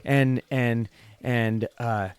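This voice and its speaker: A man's voice: medium pitch, steady tone, very slow, clear, resonant tone, dry recording. Rambling podcast co-host man, dry sound. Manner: rambling, many fillers, says "dude". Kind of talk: casual chat.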